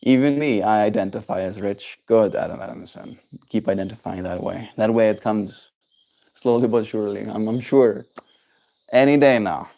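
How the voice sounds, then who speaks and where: A young South African man with a South African accent, musing softly as he chats on a livestream, slow and soft-spoken. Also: on the low side. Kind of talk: reflective livestream chat.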